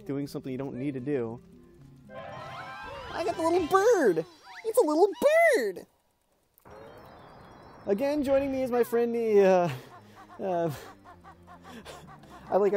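A man's voice: medium pitch, dark tone. Rambling, swearing young man gaming. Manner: rambling, swears often, yelps at the game. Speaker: gameplay commentator. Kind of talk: casual game commentary. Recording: faint music under the voice.

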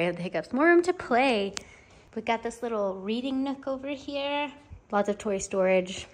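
A woman's voice: a little high, expressive, unhurried. A woman vlogging casually to camera at home, chatty and bubbly, with lots of filler words. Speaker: vlogger and mom. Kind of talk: casual vlog chat to camera. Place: at home in a playroom.

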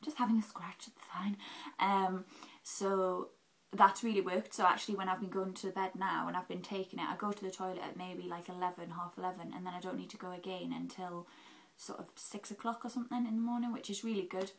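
A young Englishwoman vlogs a chatty, candid update on her recovery, her voice lowish, flat and brisk over a rough recording. She peppers it with "um"s and acts out quotes in this casual health vlog.

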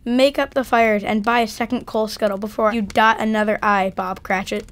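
A woman voicing an old male miser, newly joyful and generous, in a dramatic reading at a church event, speaking eagerly with warm exclamations. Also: mid-range voice, steady tone, moderate pace, natural voice. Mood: hearty.

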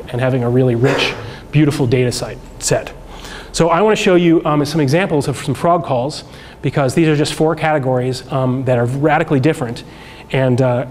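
A man teaching a workshop class, talking through slides in a relaxed, conversational way with many fillers and restarts. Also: mid-range voice, slight background noise. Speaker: workshop instructor. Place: lecture room.

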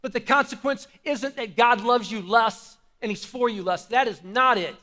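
A man preaching a sermon as pastor to a church congregation, fervent and swinging between hushed and shouted lines. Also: very high voice, normal speed.

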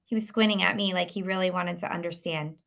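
A woman giving an earnest, expressive first-person audiobook narration. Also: on the low side, quick pace, vocal fry.

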